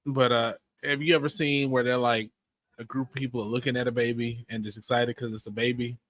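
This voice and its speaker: A laid-back man co-hosting a podcast with a bright, forward voice. He talks in an easygoing, wry manner and rarely swears. The recording is close and dry. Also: medium pitch, little pitch movement, fairly quick, no room sound. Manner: easygoing, wry, mild-spoken. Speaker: podcast co-host. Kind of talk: casual chat.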